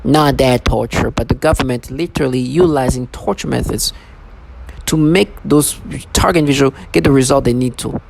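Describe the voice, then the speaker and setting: A man's voice: medium pitch, fairly quick, creaky. A man talking in an agitated, rambling monologue to camera, often restarting his sentences. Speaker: vlogger. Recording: noisy recording.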